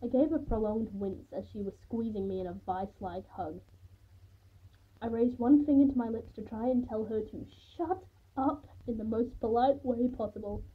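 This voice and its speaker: A woman with a medium-pitched, slightly breathy voice reads her own first-person story aloud. Her delivery is plain and unpolished, and she sometimes restarts a phrase. The audio sounds tinny, like a phone.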